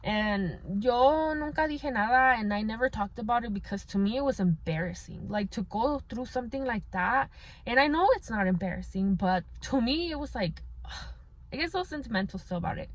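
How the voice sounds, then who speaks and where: A woman's voice: on the high side, lively intonation, normal speed. A young woman telling a painful personal story in a casual, candid way, slipping in Spanish words and using many fillers. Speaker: vlogger.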